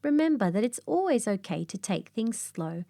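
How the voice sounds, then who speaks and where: A woman voicing a sleepy male koala who speaks in a slow, drowsy drawl. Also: medium pitch, very animated, gravelly, dark tone, dry recording, studio quality.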